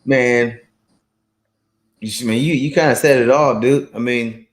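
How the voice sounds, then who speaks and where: Halting man in a roomy echo. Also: medium pitch, steady tone. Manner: halting, repeats words and restarts. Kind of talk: casual chat.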